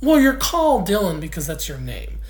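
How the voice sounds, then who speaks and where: A woman co-hosts a casual podcast with a fairly low voice. She talks in an opinionated, animated way and laughs easily. She sounds like she is in an echoey room. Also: fairly quick. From Oklahoma. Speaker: podcast co-host. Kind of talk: casual chat.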